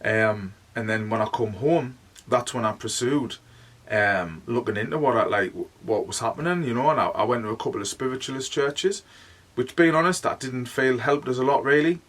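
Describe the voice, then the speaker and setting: A man's voice: medium pitch, normal speed, a bit bright, distant mic. A man with a Northeast English accent, telling his story as a medium in a rambling, chatty way, with "like" all through. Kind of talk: casual storytelling monologue.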